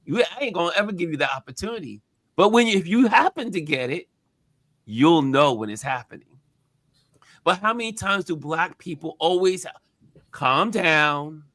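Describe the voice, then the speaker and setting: Animated man hosting a talk show. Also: a little high, moderate pace, no echo. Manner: animated, emphatic, acts out quotes. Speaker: host. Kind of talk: casual talk show discussion.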